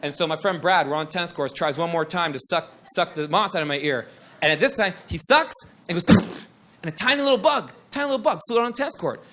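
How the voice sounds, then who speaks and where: A young man telling a comic story at a live show, excitable and profane, rambling with lots of fillers. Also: high-pitched, quick pace.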